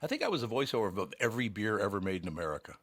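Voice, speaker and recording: A man's voice: on the low side, sing-song, rapid-fire, a bit bright, breathy edge, no echo. An older man, hosting a radio show, telling folksy stories and acting out quotes. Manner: storytelling, folksy, acts out quotes. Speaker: radio host. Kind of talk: casual radio chat and read ads.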